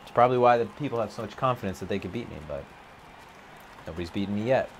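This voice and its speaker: An excitable man calls his own video game play live from an empty office at a quick pace, his voice spiking high when he gets worked up. There's slight background noise.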